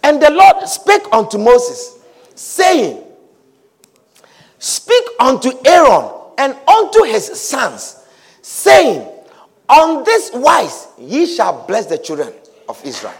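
A man pastor preaching a sermon, repeating shouted blessings and swinging between quiet speech and loud calls. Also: very high voice, huge pitch swings, takes it slowly, slightly rough.

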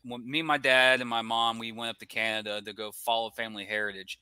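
A young man co-hosting a casual sports podcast, rambling with quick asides and chuckles. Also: mid-range voice, level tone, pushed and bright, clear, resonant tone, no echo. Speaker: podcast co-host.

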